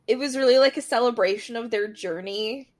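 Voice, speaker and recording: A woman's voice: fairly high pitch, a little fast, darkish tone. A woman co-hosting a podcast, chatting casually about an episode with hesitant, filler-heavy speech and some laughter. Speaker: podcast co-host. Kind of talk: casual recap chat.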